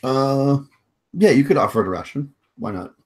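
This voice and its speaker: A man narrating as game master of a tabletop game, describing in a halting, hedging way with frequent restarts. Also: medium pitch, sing-song.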